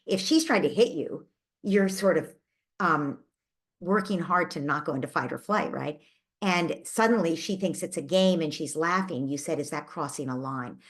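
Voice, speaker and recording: Speaking in a low voice at a normal pace, a woman hosts a parenting Q&A and answers a parent's question. Her coaching is empathetic and reassuring, and she thinks aloud, making small restarts as she goes.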